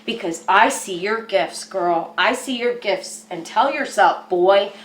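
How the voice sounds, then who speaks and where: A woman giving an earnest self-help lesson, often dropping to a soft, soothing voice. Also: medium pitch, slow, echoey room, slight background noise. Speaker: therapy skills presenter. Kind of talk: self-help teaching monologue.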